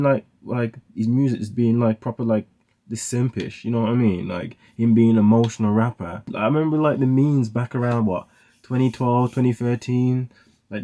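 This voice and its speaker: A man's voice: mid-range voice, warm tone. A young man giving casual, rambling commentary on songs he is reacting to, full of "like" fillers. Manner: rambling, heavy use of "like" fillers. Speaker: music reaction host.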